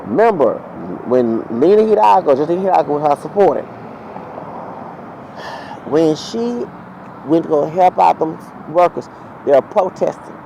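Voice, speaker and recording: A man's voice: fairly high pitch, lively intonation, normal speed, creaky, long pauses, mellow, low-quality recording. A man telling a heated, profane, rambling story as a vlogger, outdoors near traffic. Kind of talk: ranting storytime monologue.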